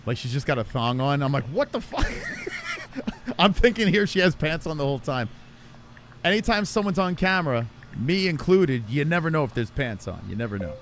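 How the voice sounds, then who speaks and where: A man hosting a casual livestream, telling stories in an animated, profane way. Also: medium pitch, brisk, a little hiss or hum. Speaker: host.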